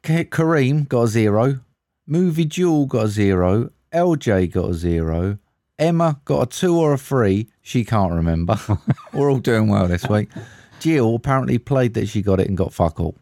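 A man's voice: medium pitch, animated, moderate pace, mellow, no room sound, studio quality. A man co-hosting a podcast, running a quiz, joking and self-mocking in casual banter from a small shed. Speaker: podcast co-host and quizmaster.

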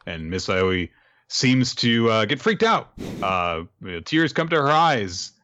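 A man recapping a manga chapter in casual chat, animated and laughing, often jumping into high voices for the characters. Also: measured pace, muffled recording. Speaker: podcast co-host.

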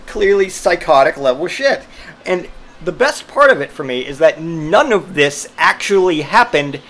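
A man's voice: a little high, a bit bright, slight background noise. A man telling a rambling personal story, swearing freely and amused, with lots of fillers and restarts. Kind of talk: casual storytelling monologue.

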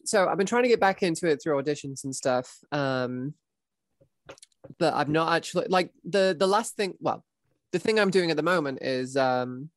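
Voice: medium pitch, no room sound, studio quality. A voice actor chatting casually over a video call, rambling with lots of fillers and laughs. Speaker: voice actor and guest. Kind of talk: casual chat.

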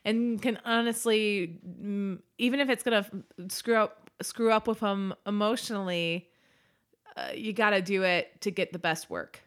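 A woman's voice: mid-range voice, fairly even intonation, moderate pace. A woman co-hosting a comedic podcast, playful and theatrical, laughing often. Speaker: podcast co-host.

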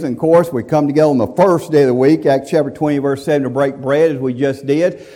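A man's voice: on the high side, fairly even intonation, fairly quick, mellow. A man preaching a folksy, emphatic sermon. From central Alabama, USA. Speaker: visiting preacher.

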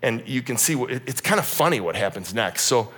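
A pastor in his forties preaching a humorous, animated sermon in a church. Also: medium pitch, fairly quick. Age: 40s. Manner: animated, humorous, acts out quotes.

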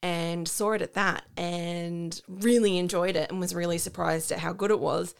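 A woman's voice: on the low side, fairly even intonation, normal speed, gravelly, clean tone. A woman co-hosting a podcast, casually chatting and talking through her opinions at length. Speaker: podcast co-host. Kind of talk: casual chat.

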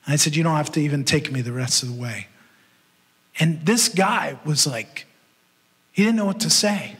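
A male pastor delivers a storytelling sermon with a high-pitched, bright, forward voice. He is animated and acts out the voices in his story. The sound rings with the long reverb of a large hall. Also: moderate pace, breathy edge. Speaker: pastor and podcast host.

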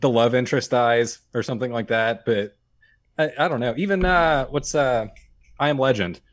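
A man's voice: medium pitch, normal speed. Laid-back young man chatting. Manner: casual, searching for words, swears freely. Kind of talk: casual chat.

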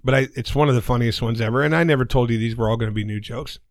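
A man's voice: mid-range voice, rapid-fire, no echo, clean studio sound. A man co-hosting a podcast in casual chat, telling crude jokes as a joking storyteller. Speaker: podcast co-host.

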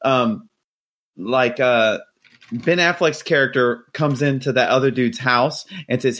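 Rambling mid-pitched male podcast host. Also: a little slow, a bit bright. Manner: rambling storyteller, lots of restarts and fillers. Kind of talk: casual podcast chat.

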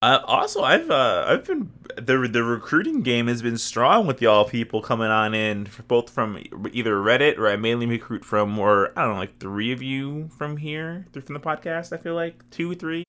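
A man hosting a casual gaming podcast, telling stories in a lively way and swearing freely. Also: medium pitch, normal speed, few pauses. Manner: animated storytelling, swears freely. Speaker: podcast host and guild recruiter.

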